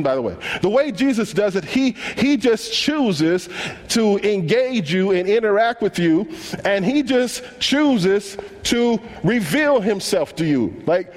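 Animated preacher with a high lively voice. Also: male voice, unhurried. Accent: African American English. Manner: animated storytelling, acts out dialogue in casual slang. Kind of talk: sermon. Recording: long hall reverb.

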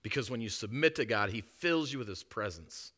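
A male preacher delivers a sermon in a bright, ringing voice. He preaches emphatically, dropping to a hush and then building to loud, forceful declarations. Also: lowish voice, animated, brisk. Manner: emphatic, swings from hushed to loud.

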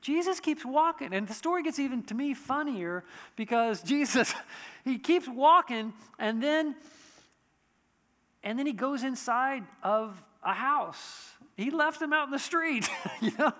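A man delivers a sermon in a loose, conversational style, stumbling into restarts and asides as he goes. His voice sits very high and bright. A long hall reverb trails behind every phrase. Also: big pitch swings, measured pace. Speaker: pastor.

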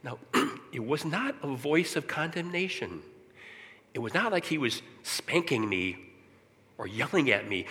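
Middle-aged man, church testimony, keeps clearing his throat, bright forceful voice, long hall reverb. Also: mid-range voice, expressive, a little slow. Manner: earnest, candid storytelling. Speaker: church speaker giving testimony. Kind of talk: personal testimony talk.

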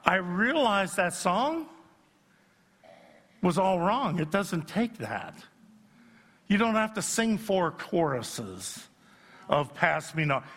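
A middle-aged man preaching a sermon as pastor, joking about himself and rising to shouts at the high points. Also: big pitch swings, slow, long pauses. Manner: self-deprecating, swells to shouting at peaks. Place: church sanctuary. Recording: long reverb in a church hall.

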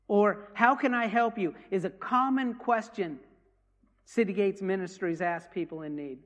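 A man with a high voice tells ministry stories to a congregation in earnest, stumbling over his words and starting again. His voice rings out with a long reverb, as in a large hall. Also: moderate pace, fairly bright tone. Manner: earnest storytelling with many restarts. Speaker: ministry leader. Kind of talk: testimony talk to a congregation.

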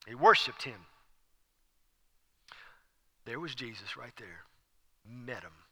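A male pastor preaching a sermon in an animated, conversational way, recorded in an echoey hall. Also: mid-range voice, measured pace, long pauses.

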